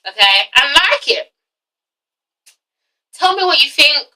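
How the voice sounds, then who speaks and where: A woman's voice: high voice, very animated, takes it slowly, sharp tone, far from the mic, low-quality recording. A young woman reviewing a reality TV show in a casual vlog, ranting bluntly and swearing a lot.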